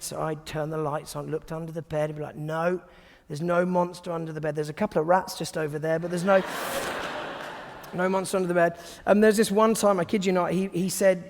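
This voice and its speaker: A man giving a sermon to a congregation, conversational and humorous, often dropping to soft, hushed tones. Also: high voice, steady tone, brisk, gravelly, in a large hall. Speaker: guest preacher. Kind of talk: sermon with personal stories.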